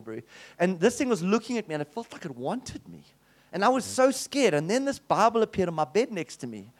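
A middle-aged male preacher with a high, light voice tells a story from the pulpit. He acts out the other people in his tale as he goes and keeps the sermon lively and animated. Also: fairly quick.

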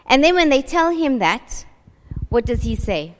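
A woman's voice: a little high, animated, normal speed. A woman preaching a sermon, earnest and building through repeated rhetorical questions. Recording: long reverb of a large hall.

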